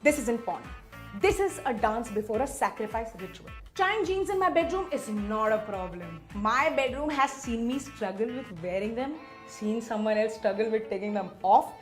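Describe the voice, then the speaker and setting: A woman's voice: fairly high pitch, lively intonation, moderate pace, faint music behind. A young woman doing a stand-up comedy set in a sarcastic, self-deprecating way with lots of rhetorical questions.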